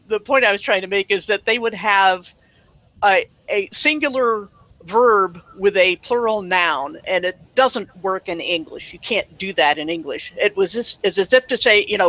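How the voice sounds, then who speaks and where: High, bright-voiced man explaining at length. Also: moderate pace, dry recording, low-quality recording. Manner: earnest, explanatory, with restarts. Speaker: guest answering questions. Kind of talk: casual online talk.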